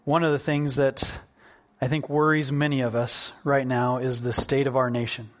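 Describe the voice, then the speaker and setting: A man preaching a sermon in an earnest, conversational way, slowing down to stress key points. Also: mid-range voice, flat delivery. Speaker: pastor.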